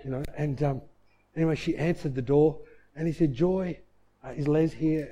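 A man preaching, his voice sitting a little high. He tells a story with animated energy, dropping soft and low in the sad parts and climbing to loud, excited peaks. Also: normal speed. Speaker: pastor. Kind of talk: sermon storytelling.

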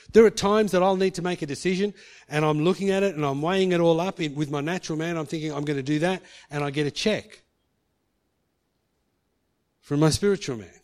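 A man with a slightly high voice preaches a sermon to a congregation. He tells a personal story and stops to ask the listeners questions.

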